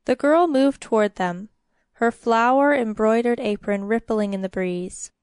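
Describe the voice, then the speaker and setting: A woman narrating a story in a measured, even storytelling manner. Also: a little high, smooth, no room sound, clean studio sound.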